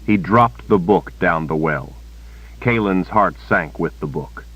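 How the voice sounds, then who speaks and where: Brief: deep male narrator reading steadily, close and dry, lo-fi tape. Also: animated, a little slow, a bit bright, husky, dry recording. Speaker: audiobook narrator. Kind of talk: audiobook narration. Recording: dull lo-fi cassette recording.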